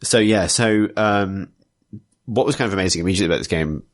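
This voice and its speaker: Low-pitched male podcast co-host, relaxed recap chat, quick and joking. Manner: chatty, quick asides, acts out silly quoted lines. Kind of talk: casual chat recapping a tabletop battle.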